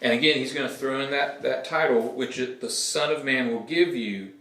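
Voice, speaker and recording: Bright-voiced pastor teaching in an echoey room. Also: male voice, mid-range voice, moderate pace. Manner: casual, explanatory, checks in with "okay?". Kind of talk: conversational Bible teaching.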